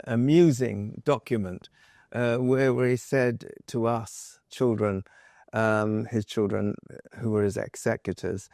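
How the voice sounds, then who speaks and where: A man's voice: mid-range voice, a little mellow, no echo, clean studio sound. A man as an interview guest, answering in a thoughtful, wry way and telling stories about his family.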